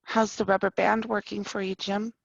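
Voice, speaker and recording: A calm, patient therapist speaks in a measured, soothing way, read by a woman. The voice is husky. The recording sounds dull and dry. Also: mid-range voice, dry recording. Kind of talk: live play reading.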